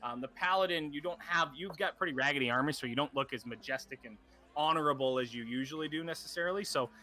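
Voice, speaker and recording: A man's voice: on the high side, fast talker, sharp tone. A man narrating as game master, casual and rambling, with lots of fillers.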